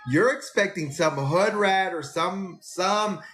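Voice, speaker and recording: Animated rambling man telling a story. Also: high-pitched, takes it slowly, slight background noise. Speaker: flight attendant. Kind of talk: casual storytelling on a live stream.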